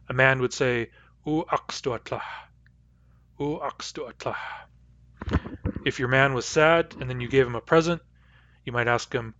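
A man teaching a language lesson, saying each example word slowly and then saying it again. The recording is dull and a little muffled, and the room sounds dead dry. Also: medium pitch, a bit bright, no room sound. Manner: slow, careful repetition of example words.

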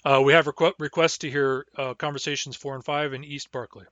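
A man teaching a language class online, sounding out words slowly and carefully, syllable by syllable. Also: on the high side, steady tone, fairly bright tone, dry recording, dull audio. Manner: slow, careful, deliberate pronunciation.

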